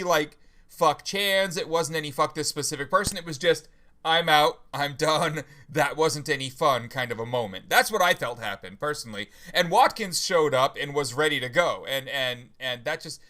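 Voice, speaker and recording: A man hosting a live talk stream, chatting casually with many fillers and restarts, sleepy and yawning. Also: fairly high pitch. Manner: relaxed, rambling with many fillers. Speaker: host. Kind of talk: casual livestream chat.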